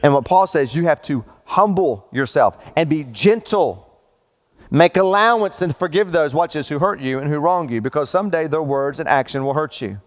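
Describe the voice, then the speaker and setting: A middle-aged male pastor preaching a sermon in a conversational, emphatic way, swinging between loud rising peaks and slow low stresses. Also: animated. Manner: emphatic and conversational, repeating "watch this" and addressing listeners as bro.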